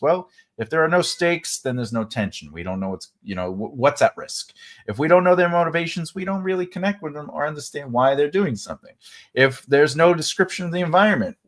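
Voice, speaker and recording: A man hosting a casual livestream writing lesson from home, chatty and loose, with many fillers and restarts. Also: medium pitch. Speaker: writing teacher and livestream host.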